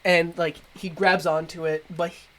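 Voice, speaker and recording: A man's voice: fairly high pitch, flat delivery, normal speed, fairly bright tone. A man running a tabletop game as game master, narrating with frequent laughs and hesitant fillers.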